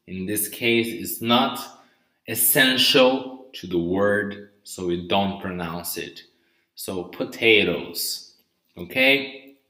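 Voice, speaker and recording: A male English teacher speaks with great slowness in a bright, forceful voice, drilling each word's pronunciation and checking in with "okay?" and "right?". The sound is roomy, with a clear echo around him. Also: mid-range voice. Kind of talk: live online vocabulary lesson.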